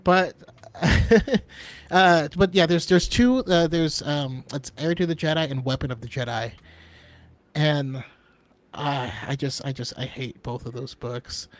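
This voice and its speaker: A man's voice: on the high side, measured pace. A man hosting a casual fan discussion, explaining at length with frequent laughs and restarts. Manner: rambling, chuckling between points. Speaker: podcast host.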